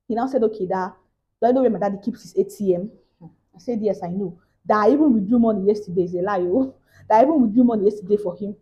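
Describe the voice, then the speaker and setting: A young woman with a Nigerian English accent tells a story to her viewers in a casual vlog, swinging between loud exclamations and hushed asides. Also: medium pitch, quick pace, dull audio. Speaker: vlogger.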